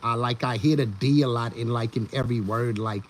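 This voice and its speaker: There's slight background noise as a medium-pitched male livestream host talks briskly to his audience. He greets chat members by name while rambling, often restarting and repeating himself.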